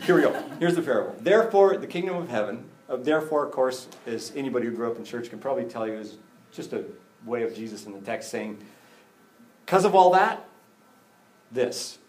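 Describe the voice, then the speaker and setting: A man's voice: medium pitch, fast. A man preaching to a congregation in an easygoing, conversational way. His voice sits in a middle register, and he bounces between jokes and serious points. He acts out little exchanges as he goes. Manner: animated, jokey asides, acts out dialogue. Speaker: pastor. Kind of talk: conversational sermon.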